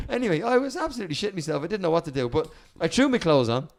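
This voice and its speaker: An Irish man, a podcast guest, telling a cheeky, lively anecdote and swearing freely as he goes. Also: on the high side, very fast.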